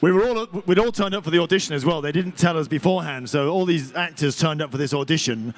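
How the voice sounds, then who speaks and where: Animated, chatty male actor. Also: a little high, quick pace. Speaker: voice and motion capture actor. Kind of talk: convention panel talk. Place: convention panel stage.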